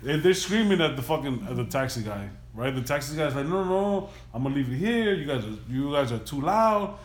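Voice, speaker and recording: A man's voice: mid-range voice, a little fast, few pauses. A man casually telling a long story on a podcast, loose and profane, acting out the people in it. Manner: loose, profane, animated retelling. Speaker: podcast host. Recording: echoey room.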